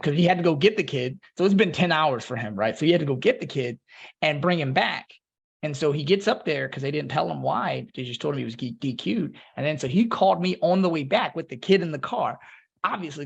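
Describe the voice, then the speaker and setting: A man in his thirties tells a story on a podcast and acts out the people in it with lively voices. His voice is somewhat high for a man and has a gravelly fry. There is a husky grain to it. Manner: animated, acts out the people he quotes. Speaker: podcast guest, Marine veteran. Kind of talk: casual storytelling.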